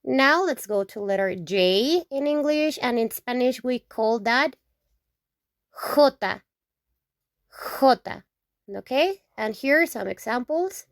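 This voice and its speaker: A woman teaching the Spanish alphabet, saying each word slowly several times and checking in with "okay?". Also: sits high, lively intonation, no room sound, clean studio sound. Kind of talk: slow alphabet lesson with repetition.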